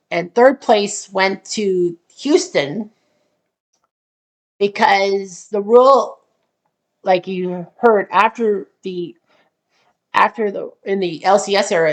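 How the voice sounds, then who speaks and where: A woman hosting her channel, casually walking through how a simulated sports tournament was set up, rambling, thinking aloud and correcting herself as she goes. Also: mid-range voice. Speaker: channel host.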